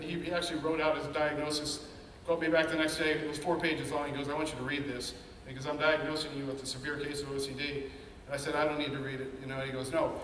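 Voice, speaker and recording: Recorded from a distance in an echoey hall, a man with a fairly high, fairly bright voice gives a personal testimony, telling his own story with earnest candor. He acts out the anxious voices in his head, and a long hall reverb and faint room hum cling to every word.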